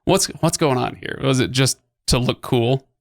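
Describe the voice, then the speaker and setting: A man's voice: mid-range voice, normal speed, dry recording, clean studio sound. A man hosting a podcast, explaining at length in a casual way with lots of fillers and restarts. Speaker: podcast host.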